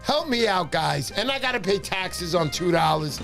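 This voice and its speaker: A man hosting a fishing livestream, talking fast and excitedly, shouting cheers and pitching memberships. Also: gravelly, faint music behind. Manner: loud, hyped, shouting cheers. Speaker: livestream host. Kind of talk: excited casual livestream chat.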